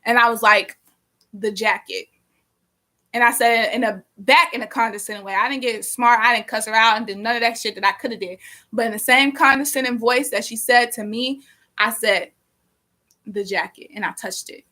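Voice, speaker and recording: Animated, bright-voiced young woman rambling. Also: on the high side, brisk. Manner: animated, profane, rambling with many fillers. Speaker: live-streaming painter. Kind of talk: casual storytelling.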